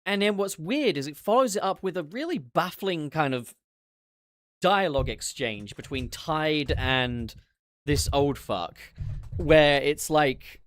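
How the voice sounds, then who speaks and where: Animated man on a livestream. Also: on the high side. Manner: animated, swearing, quick asides. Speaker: podcast host. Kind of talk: casual livestream chat.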